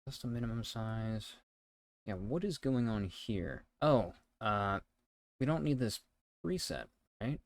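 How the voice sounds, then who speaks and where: A young man from the US East Coast chats casually on a live stream in an animated, mid-range voice. He thinks out loud as he codes, reading the code slowly.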